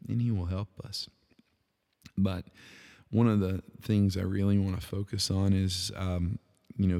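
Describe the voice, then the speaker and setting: A man with a low, gravelly voice shares his faith in a relaxed podcast talk. He speaks earnestly, circling back with fillers and restarts as he thinks aloud. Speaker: podcast host and worship leader. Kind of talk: casual devotional talk.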